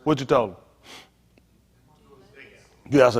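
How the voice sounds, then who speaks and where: A middle-aged man pastor, teasing and preaching to his congregation in a joking, animated way. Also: medium pitch, normal speed. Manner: animated, teasing, talks straight to the crowd. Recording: long hall reverb.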